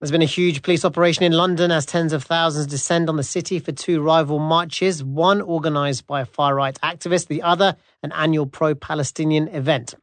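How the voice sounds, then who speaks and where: A man's voice: a little high, steady tone, fairly quick, hardly any pauses, dry recording. Man reading news headlines, dry studio. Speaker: news presenter.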